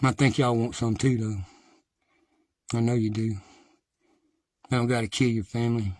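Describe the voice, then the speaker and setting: A man's voice: medium pitch, fairly even intonation, unhurried, no room sound. Middle-aged man, livestream host, defiant and foul-mouthed, mid-range voice, dry close sound. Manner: blunt, profane, defiant; rises to agitated, loud ranting. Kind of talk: impassioned monologue to viewers.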